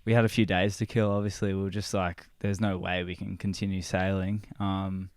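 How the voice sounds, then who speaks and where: A man talking as a podcast guest, recounting a sailing trip in a relaxed, laid-back way. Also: low voice, brisk, no echo, clean studio sound. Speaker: guest, filmmaker. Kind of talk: casual podcast conversation.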